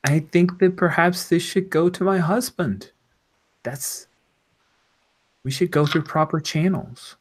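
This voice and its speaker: A man puts on a prim, bureaucratic older woman who apologizes over and over while refusing to help. She talks about rules and proper channels in a soft, regretful tone, voiced in an everyday way for a tabletop game. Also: a little high, slow pace, long pauses, pitched above the performer's own voice. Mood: apologetic. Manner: apologetic, rule-bound, bureaucratic. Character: prim older woman official, polite but stonewalling.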